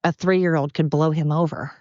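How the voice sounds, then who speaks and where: A woman's voice: deep voice, fairly even intonation, moderate pace, a little mellow, dry recording. A woman hosting a solo podcast, ranting bluntly and profanely in a heated, repetitive way while walking around outdoors. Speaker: podcast host. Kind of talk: casual opinion rant, solo podcast. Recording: dull, lo-fi, dry sound.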